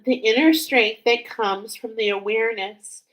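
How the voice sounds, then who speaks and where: A woman reading oracle cards for her viewers, speaking softly, emotional and tearful at times. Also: on the high side, unhurried, poor audio. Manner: emotional, tearful, soft-spoken. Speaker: oracle card reader. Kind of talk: spiritual card reading vlog.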